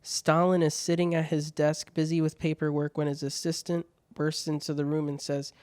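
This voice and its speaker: A man's voice: on the high side, little pitch movement, moderate pace, darkish tone, smooth, no echo. A man hosting his own show, reading out viewer questions and jokes in laid-back casual chat, swearing freely.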